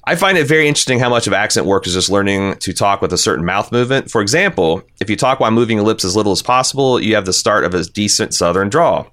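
Male podcast host, young adult, low voice, blunt and opinionated, casual swearing. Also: expressive, fast talker, few pauses, a bit bright.

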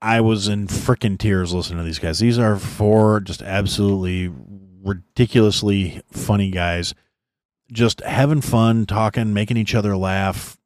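This American podcast host tears into politics bluntly, cursing a lot and frequently starting over. His voice is on the low side and darkish, with a steady tone at normal speed, recorded in a clean studio with no room sound.

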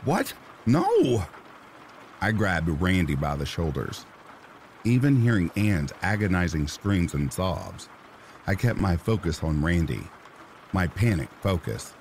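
A man reading a horror story aloud in a slow, somber storytelling manner. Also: low voice, expressive, slight background noise. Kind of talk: scripted horror narration. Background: rain sounds.

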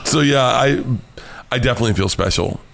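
Profane, animated American comedian telling stories. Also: male voice, medium pitch, brisk, creaky. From United States. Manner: profane, animated storyteller, laughs often. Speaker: comedian guest. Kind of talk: casual storytelling interview.

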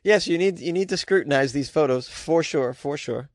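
A man's voice: on the high side, moderate pace, no echo, studio quality. A man hosting a comedy news podcast, chatting casually with slangy asides and frequent laughs.

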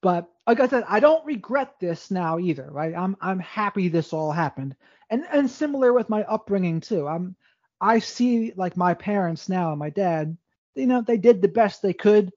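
A man's voice: high voice, lively intonation, normal speed, darkish tone, no room sound, highs cut off. A man, a podcast guest, telling his life story in a candid, rambling way with frequent restarts. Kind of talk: casual storytelling interview.

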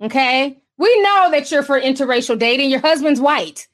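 A woman with a high voice runs a casual livestream, reading out viewer messages and trading gossip. She talks in a sassy, chatty way and mocks people by acting out their quotes. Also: moderate pace. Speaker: livestream host reading super chats. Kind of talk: casual celebrity gossip commentary.

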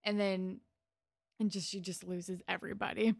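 A woman's voice: medium pitch, little pitch movement, moderate pace, vocal fry, dry recording. A young woman co-hosting a casual podcast, chatty and amused as she talks through an episode. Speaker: podcast co-host. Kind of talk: casual chat.

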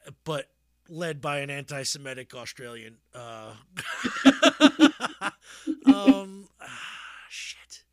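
A man's voice: fairly high pitch, drawn-out words, long pauses, crowd noise. A man chatting casually about movies, rambling with many restarts and frequent laughter, getting worked up as he goes. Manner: rambling, animated, laughs often, trails off into restarts.

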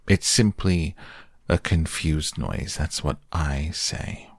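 A man voicing a gloomy old male donkey who grumbles slowly, in a soft bedtime storybook reading. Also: extremely low pitch, no echo, clean studio sound, heavily acted. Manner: slow, drawn-out complaining.

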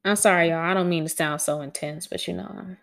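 Woman poet reading her stuff at home, kinda dramatic, lots of vocal fry. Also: lowish voice, steady tone, quick pace, a bit bright. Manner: dramatic, laughs at herself, talks straight to listeners. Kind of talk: reading her own poems and chatting. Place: at home with a dog on a wooden floor.

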